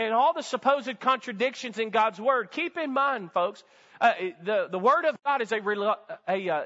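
A man's voice: high voice, fairly bright tone. A male pastor preaching a sermon, emphatic and full of rhetorical questions and calls to the congregation. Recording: dull sound with long hall reverb.

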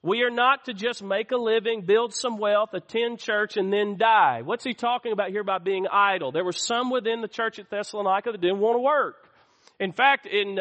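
His high, sharp voice fills a large hall as he preaches from a church sanctuary. The pastor calls out to the congregation, asking for amens in a call-and-response sermon.

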